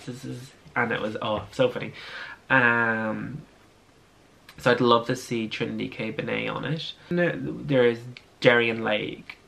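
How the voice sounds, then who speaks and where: Gravelly young Irish man chatting. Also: mid-range voice, steady tone, unhurried, bright, forceful tone, faint music behind. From Ireland. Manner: chatty, gossipy, frequent ums and restarts. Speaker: vlogger. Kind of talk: casual chat.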